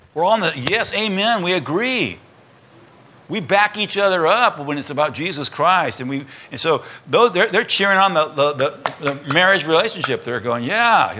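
A man's voice: fairly high pitch, bright, forceful tone. A male pastor preaching a conversational sermon, reading verses and breaking into acted quotes.

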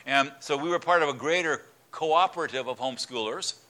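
A male pastor telling a story in a sermon, with a bright, forward tone. His voice sits a little high for a man. He acts out the characters as he goes, in an animated preaching style. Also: fairly quick.

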